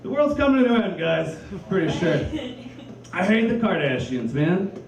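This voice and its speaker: A man's voice: sits high, big pitch swings, normal speed, gravelly. A man performing a crude, rambling, self-deprecating stand-up comedy set. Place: comedy club stage with live audience. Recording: echoey club, distant mic, crowd laughter.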